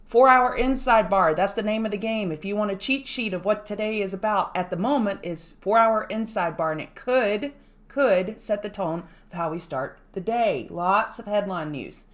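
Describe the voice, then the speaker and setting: Woman host, trading livestream; casual, chatty, greets viewers by name, medium pitch. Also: normal speed. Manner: explains market moves conversationally. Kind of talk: casual live-stream chat.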